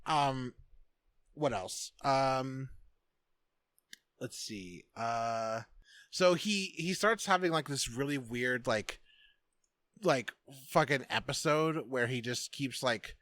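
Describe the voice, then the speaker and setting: A man's voice: mid-range voice, slow pace, long pauses, a bit bright, no echo. A man hosting a podcast, recapping a movie in casual, rambling chat full of "like" and swearing. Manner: rambling, profane, lots of "like". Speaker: podcast host.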